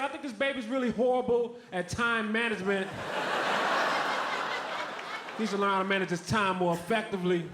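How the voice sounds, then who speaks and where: Man, stand-up comic, from Chicago area, laid-back deadpan delivery, fairly high voice, noisy club. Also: fast talker, hardly any pauses, over a noisy crowd. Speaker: stand-up comedian. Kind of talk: stand-up set. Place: comedy club stage with a live audience. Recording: noisy club with audience sounds.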